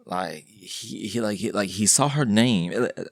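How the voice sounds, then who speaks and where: A man's voice: on the low side, unhurried, vocal fry, no room sound, studio quality. A man hosting his own podcast, talking alone in a rambling, slangy, joking way with lots of restarts. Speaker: podcast host. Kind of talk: casual solo podcast monologue.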